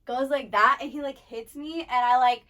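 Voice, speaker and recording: A woman in her twenties co-hosts a podcast, telling blunt, profane stories in casual chat packed with "like." Her voice sits high and bright with a forceful tone, fairly even intonation and a moderate pace.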